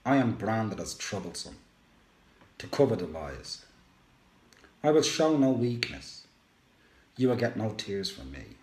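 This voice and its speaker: A radio show host with a low voice reads a first-person poem slowly and with emotion, his sing-song delivery swinging widely between rises and hushed drops. The space around him is roomy and echoey.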